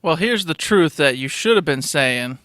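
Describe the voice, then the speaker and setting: Bright-voiced, teasing podcast host man. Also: fairly high pitch, expressive, moderate pace, dry recording, clean studio sound. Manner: jokey, teasing, laughs easily. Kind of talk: casual podcast banter.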